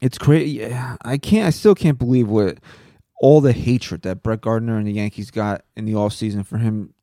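A man's voice: on the low side, normal speed, dark tone, no echo, clean studio sound. A man co-hosting a sports podcast, ranting in casual, profane chat about his team's players. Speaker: podcast co-host.

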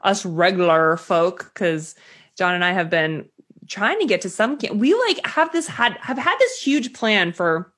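A woman's voice: mid-range voice, animated, measured pace, fairly bright tone. A woman co-hosting a podcast, playful and teasing in casual chat. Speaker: podcast co-host.

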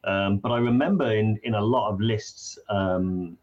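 A man co-hosting a casual live stream, relaxed with a dry sense of humour. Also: lowish voice, unhurried, lo-fi sound. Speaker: co-host.

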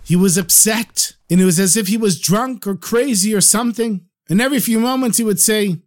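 Animated storyteller man, slightly high voice. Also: brisk. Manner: animated, acts out every character. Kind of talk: told folk story podcast.

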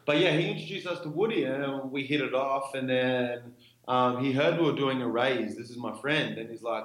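A man's voice: medium pitch, normal speed, fairly bright tone. Laid-back man in an echoey room. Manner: laid-back, lots of fillers and "like". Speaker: startup co-founder. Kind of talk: casual interview storytelling.

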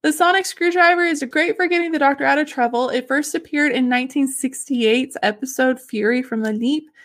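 A woman with a high, light voice chats on a podcast, reading off fun facts. She laughs easily and sounds keen on her subject. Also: brisk, a bit bright. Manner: giggly and enthusiastic. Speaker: podcast host. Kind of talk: casual chat, reading out facts.

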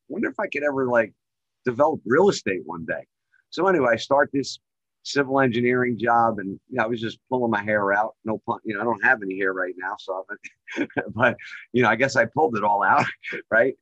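A man's voice: brisk, dry recording. Middle-aged male guest, talks in long rambling runs packed with fillers, sound a bit dull and dry. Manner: rambling, heavy on filler phrases; gets excited and louder at high points. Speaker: guest, real estate developer. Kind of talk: casual storytelling on a call. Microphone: remote call microphone.

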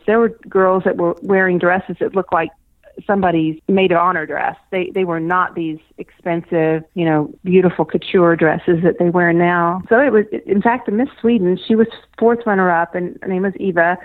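An older woman talks over a thin, tinny phone line, her voice sitting fairly low for a woman. She tells stories in a chatty, casual way, laughing often and restarting her sentences. The sound is close and dry, with no room around it. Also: no echo. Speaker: interview guest, former pageant winner. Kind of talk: casual storytelling interview.

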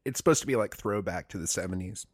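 A man's voice: low-pitched, fast talker, breathy edge, no room sound. A man co-hosting a podcast, chatting casually with dry, teasing banter. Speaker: podcast co-host. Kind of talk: casual conversational podcast chat.

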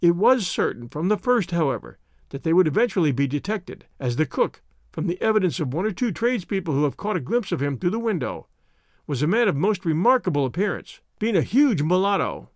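A man narrates a classic detective story in a steady, measured way, his voice high and lively. The sound is dry and close to the mic, as in a booth recording. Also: no echo. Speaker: audiobook narrator.

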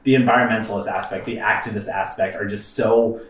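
A man's voice: fairly low pitch, fairly even intonation, brisk, roomy sound, recorded from a distance. A man hosting a let's play, chatting casually with rambling fillers and swearing. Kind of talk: casual gaming commentary.

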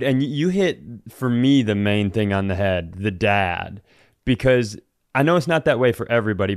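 A man's voice: medium pitch, clear, resonant tone, dry recording, studio quality. A man hosting a casual podcast chat, sincere and agreeable, speaking in short agreements and reflective remarks. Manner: agreeable, sincere, brief backchannels. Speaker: podcast host.

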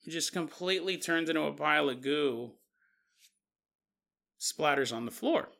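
A male podcast host tells an odd tale with jokey asides and frequent chuckles. His voice sits high and bright with a gravelly edge. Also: moderate pace. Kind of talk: comedic paranormal storytelling.

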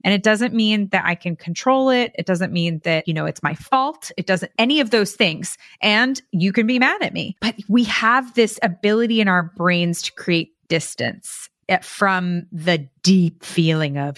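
A woman's voice: mid-range voice, moderate pace, hardly any pauses, a bit bright, no echo, studio quality. A woman hosting a podcast, giving earnest coaching advice on caring for an addicted loved one, often repeating phrases for emphasis. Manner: earnest, repeats phrases, acts out quoted voices.

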